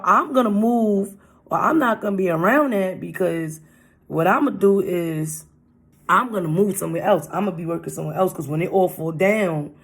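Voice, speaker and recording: In a medium-pitched, fairly bright voice, a Brooklyn, New York vlogger rambles through a casual storytime. Lines get repeated as the story loops back, and the language is full of street slang.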